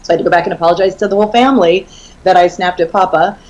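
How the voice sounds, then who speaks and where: A woman's voice: lowish voice, very fast. Laughing storyteller woman, slightly muffled. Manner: animated, laughs often while telling stories. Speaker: author and guest. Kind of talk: casual storytelling in an interview.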